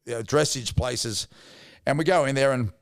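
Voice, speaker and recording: Podcast guest: middle-aged Australian man, gravelly mid-range voice, casual rambling yarns. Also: medium pitch, normal speed, faint music behind. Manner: blokey, rambling anecdotes with mild swearing. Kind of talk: casual storytelling.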